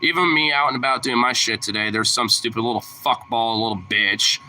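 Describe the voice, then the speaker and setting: A man's voice: medium pitch, steady tone, brisk, background noise. A young man from Portland in a casual vlog, rambling with many fillers and heavy swearing. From Portland, Oregon.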